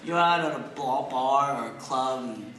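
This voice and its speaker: A man in young adulthood doing a brash stand-up comedy set with deadpan punchlines, on a large theater stage. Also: medium pitch, normal speed, a little hiss or hum. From Pennsylvania, USA. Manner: brash, deadpan punchlines, shouts in put-on quotes. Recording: echoey theater taped from far off, loud crowd laughter.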